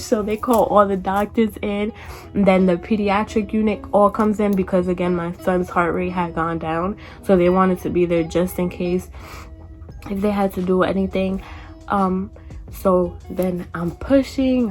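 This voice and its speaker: A woman in her twenties chatting casually in a storytime vlog, acting out quoted people in a higher voice. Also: steady tone, a little slow, a little mellow, soft background music. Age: 20s. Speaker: vlogger.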